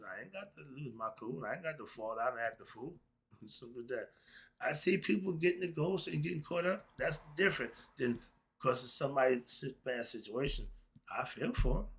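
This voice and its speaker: Male host, casual monologue; husky, gravelly delivery, drawn-out stresses, punchy rhetorical questions. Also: on the high side, a bit bright. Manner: emphatic, asks himself rhetorical questions and answers them. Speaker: host of his own online channel.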